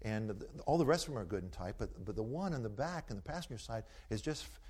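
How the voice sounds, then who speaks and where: A man's voice: on the low side, animated, quick pace, a little mellow, husky. Folksy, preacherly male speaker. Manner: rhetorical, preacherly emphasis. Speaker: speaker taking audience questions. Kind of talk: folksy storytelling lecture.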